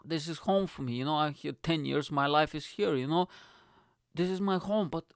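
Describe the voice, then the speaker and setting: A man's voice: fairly high pitch, moderate pace, clean tone, dry recording, clean studio sound. A young man hosting a casual solo podcast, rambling bluntly with constant swearing. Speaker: podcast host.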